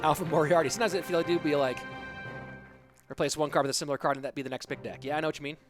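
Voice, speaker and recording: A man with a slightly raised voice calls a competitive match on his own live stream, bouncing between the plays and questions from his chat. He talks in a chatty, joking way. Game music plays clearly under his voice. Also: a little high, steady tone, racing. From United States. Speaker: esports caster and streamer.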